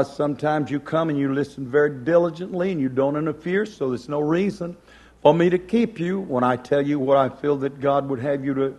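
A man's voice: on the high side, darkish tone. A man preaching a sermon in a fervent cadence, building phrases by repetition.

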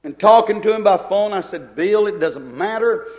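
A man's voice: high-pitched, lively intonation, moderate pace. A man preaching a sermon with fervent delivery, acting out cried prayers and using King James phrasing. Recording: dull lo-fi recording.

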